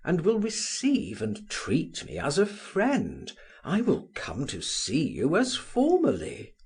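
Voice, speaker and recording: An audiobook reader voicing a calm, cynical young man who speaks in a cool, measured way. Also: mid-range voice, breathy edge, pitched above the performer's own voice, exaggerated voice. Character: calm, cynical young male social climber. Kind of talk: audiobook character voice.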